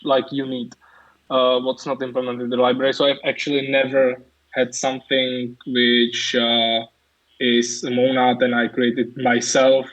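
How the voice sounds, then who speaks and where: A man's voice: mid-range voice, a bit bright. A man with a Czech accent, speaking as the guest at a live-streamed tech talk over a video call. He explains in a hesitant way, with many fillers and restarts. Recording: dull lo-fi call audio.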